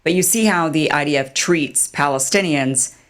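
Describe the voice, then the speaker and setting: A woman giving animated, sarcastic online commentary and mocking others with put-on quotes. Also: low voice, normal speed. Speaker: political commentator.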